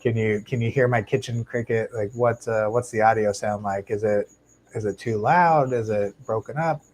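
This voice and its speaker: A man hosting a casual live stream about his shrimp tanks, talking into a lapel mic in a home fish room in a relaxed, chatty way with plenty of fillers and restarts. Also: fairly low pitch, normal speed, low-quality recording. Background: faint hum of aquarium tanks.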